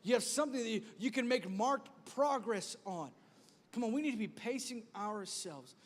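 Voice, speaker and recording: A man's voice: very high voice, animated, normal speed. A male pastor preaching a sermon with energy, using comic stories and repeated exhortations, in a church auditorium. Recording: echoey church hall.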